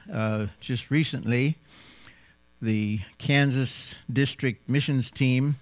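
A man with an American accent, raised in South Africa, giving a folksy, unhurried mission talk to a church congregation with frequent pauses. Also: medium pitch, clean tone, no room sound. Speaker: missionary guest speaker.

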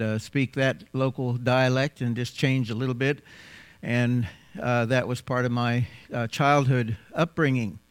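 A man with an American accent, raised in South Africa, giving a folksy, unhurried mission talk to a church congregation with frequent pauses. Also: mid-range voice, smooth, dry recording. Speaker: missionary guest speaker.

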